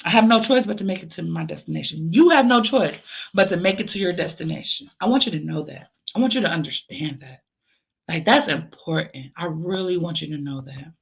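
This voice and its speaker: A woman's voice: on the low side, lively intonation, a little fast, gravelly. A woman podcast host giving an emphatic motivational pep talk, repeating phrases for emphasis.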